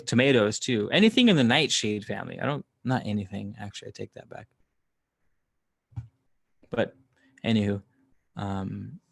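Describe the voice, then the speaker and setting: Gravelly man chatting loosely with viewers. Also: mid-range voice. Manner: rambling, laughs often, swears. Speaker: livestream host reading chat. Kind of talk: casual live chat with viewers.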